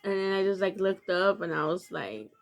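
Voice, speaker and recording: A woman's voice: medium pitch, lively intonation, moderate pace. A woman vlogger telling a personal story in a casual, earnest, confessional way, with many filler words.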